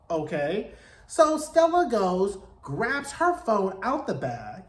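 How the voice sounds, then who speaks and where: A man hosting a casual, chatty TV recap, telling the plot in a gossipy, animated way with slangy asides. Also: high voice, slow pace. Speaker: TV recap host. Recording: roomy echo.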